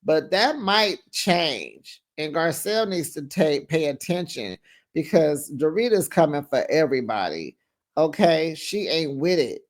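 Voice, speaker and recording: A reality TV recap host giving casual commentary, talking straight to the cast and acting out their lines. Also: medium pitch. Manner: animated, talks straight to the show's cast; acts out cast members' lines in quick put-on voices.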